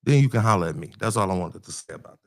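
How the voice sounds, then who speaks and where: A man's voice: deep voice, expressive, rapid-fire, gravelly, no room sound, studio quality. A man hosting a casual group talk show, speaking in loose, joking slang. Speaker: podcast host.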